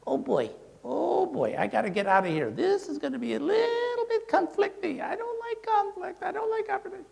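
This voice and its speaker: A man voicing an anxious, conflict-shy churchgoer who frets and repeats himself in a high voice. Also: big pitch swings, moderate pace, gravelly, darkish tone, heavily acted. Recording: long hall reverb.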